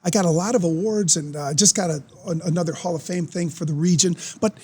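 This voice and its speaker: A man, telling a story as a podcast guest in an excitable, animated way. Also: fairly high pitch, fast talker, husky. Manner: animated, excitable storyteller who acts out quoted voices. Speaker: podcast guest, former football player. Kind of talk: casual storytelling.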